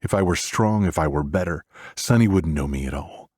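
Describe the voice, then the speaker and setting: A man narrating a dark romance audiobook in the first person, with a brooding, intense delivery. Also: deep voice, a little fast, no room sound.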